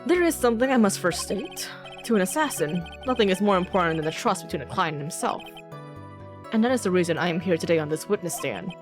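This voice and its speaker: A woman voicing a polite, calm male assassin from a courtroom game, attempting a British accent in a low, measured delivery. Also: music in the background, close to an everyday voice. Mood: coolly formal.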